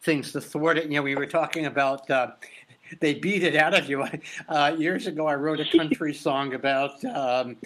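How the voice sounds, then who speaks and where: A man hosting an interview, speaking in a reflective, halting way. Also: fairly high pitch, fairly even intonation, a bit bright. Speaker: host. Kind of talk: conversational interview.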